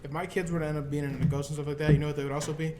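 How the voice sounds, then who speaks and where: A man's voice: fairly high pitch, flat delivery, racing, very noisy. A man, a comedian, ranting animatedly in a casual chat, swearing heavily. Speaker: comedian, podcast guest.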